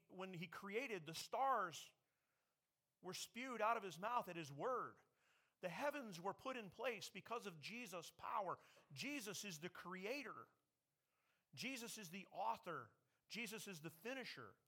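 A man preaching a sermon from the pulpit of a church, earnest and conversational, slowing down and suddenly pushing loud to stress a point. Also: high-pitched. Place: church sanctuary.

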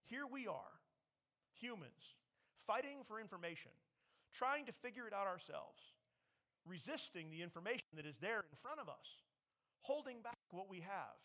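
A man's voice: sits high, big pitch swings, moderate pace, sharp tone. A man preaching a sermon, emphatic, raising his voice when he quotes scripture. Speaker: pastor.

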